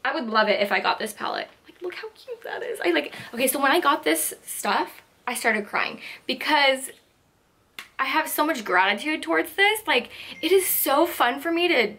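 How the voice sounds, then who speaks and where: Bubbly bright-voiced young woman gushing. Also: high-pitched, normal speed. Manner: gushing, excitable, lots of "like" and "so cute". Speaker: beauty vlogger. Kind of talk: casual product haul chat.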